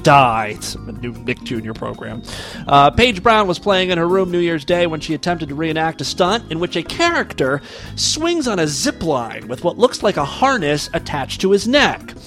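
Brief: irreverent male podcast host, crude news riffs, animated swooping delivery, faint music bed. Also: fairly high pitch, normal speed. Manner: mocking, gleefully crude, laughs at his own jokes. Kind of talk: irreverent comedic news reading.

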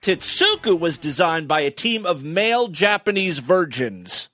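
A man hosting a comedy show, making dry sarcastic asides with filler pauses. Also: fairly high pitch, sing-song, a bit bright, no room sound. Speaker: comedy podcast host. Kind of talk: deadpan comedic monologue.

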